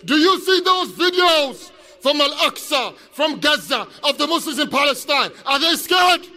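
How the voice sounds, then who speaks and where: High, bright-voiced man rousing a rally. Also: expressive, normal speed. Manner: fervent, shouts call-and-response questions to the crowd. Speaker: speaker at a protest rally. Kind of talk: impassioned rally speech. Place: outdoor street protest. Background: crowd responding.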